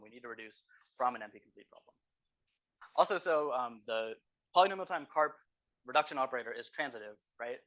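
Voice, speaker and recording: Male TA for a review session: quick delivery, bright voice, keeps asking the room "right?". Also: mid-range voice. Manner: explanatory, tags statements with "right?". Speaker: course teaching assistant. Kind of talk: exam review lecture. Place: university classroom.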